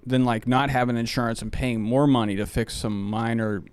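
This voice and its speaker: A man's voice: medium pitch, fairly even intonation, brisk, a little mellow, smooth. A young man co-hosting a podcast, rambling through stories in casual banter and swearing constantly. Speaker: podcast co-host.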